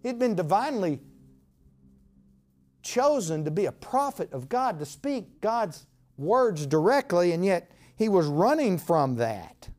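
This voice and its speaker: Animated preacher with a lively voice. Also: male voice, high voice, a little slow. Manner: animated, dramatic storytelling with quoted voices. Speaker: pastor. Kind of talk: sermon.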